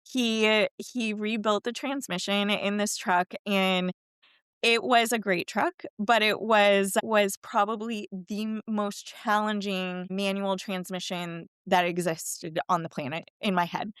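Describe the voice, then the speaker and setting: A middle-aged woman, a fitness and wellness coach, telling a personal story in a casual interview, chatty and animated, acting out the voices she quotes. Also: mid-range voice, slow, smooth, dry recording, clean studio sound.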